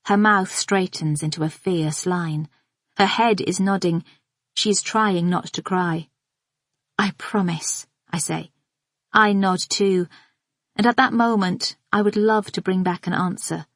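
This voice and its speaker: A woman with a fairly low voice reads a first-person thriller aloud. Her delivery is steady and measured, shifting only a little for the dialogue. The sound is dry and close, with no room around it. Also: dry recording. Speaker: audiobook narrator. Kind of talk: first-person audiobook narration.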